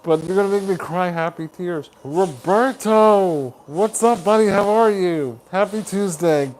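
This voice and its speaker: Slow-talking man hosting a live stream. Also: high-pitched, a little mellow, slight background noise. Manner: reads viewer comments aloud and greets them; affectionate, calls viewers buddy and honey. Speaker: livestream host.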